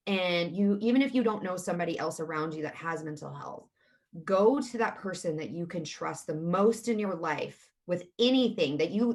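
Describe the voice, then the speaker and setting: A woman in her thirties, a guest in an interview, speaking openly and earnestly about her feelings. Her voice sits a little low for a woman. She talks in a candid, conversational way.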